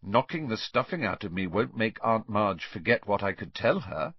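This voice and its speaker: A man's voice: lowish voice, sing-song, normal speed, slightly rough, no room sound, lo-fi sound. A man voicing a defiant teenage boy who speaks coldly and grimly. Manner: cold, grim.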